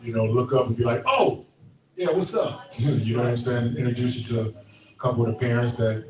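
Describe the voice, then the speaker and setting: A man's voice: medium pitch, monotone, fast, darkish tone, roomy sound, recorded from a distance, low-quality recording. A man hosting a podcast in casual chat, laid-back and full of fillers like "you know". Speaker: podcast host.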